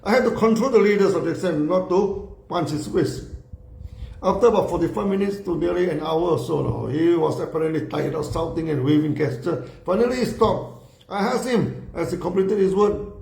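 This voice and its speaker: Man, high gravelly voice, storytelling, acts out quotes, says "you know" a lot, echoey room. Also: a little fast, a little mellow. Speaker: speaker telling a business story. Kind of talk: storytelling talk.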